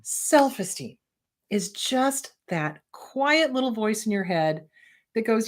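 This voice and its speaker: A woman therapist hosting a casual advice show, blunt and emphatic as she answers viewer questions. Her pitch swings widely from phrase to phrase, in a lively, animated way. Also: slow. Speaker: therapist and host.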